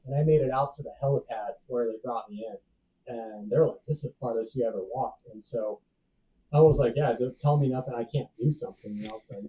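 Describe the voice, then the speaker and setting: A dark, medium-pitched male voice comes through a distant mic in a rough recording. He is a safety professional in his thirties guesting on a podcast, telling a personal story in a relaxed, slangy way heavy with "dude" and "bro."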